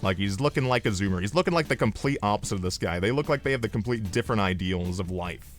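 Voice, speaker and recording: Rambling low-voiced man telling a story. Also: quick pace. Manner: rambling, animated, deadpan asides. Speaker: streamer. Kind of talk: comedic storytelling.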